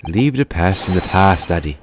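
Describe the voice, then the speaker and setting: A man voicing a gruff older prison governor in an attempted Scottish accent, blustering and hearty, reading game dialogue. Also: sits low, expressive, normal speed, background noise. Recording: game music behind voice.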